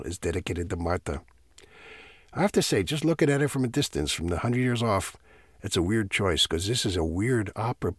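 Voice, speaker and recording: A man hosting a classical music radio program, telling a composer's story in a measured, storytelling way. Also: lowish voice, no room sound, clean studio sound. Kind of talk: scripted radio narration.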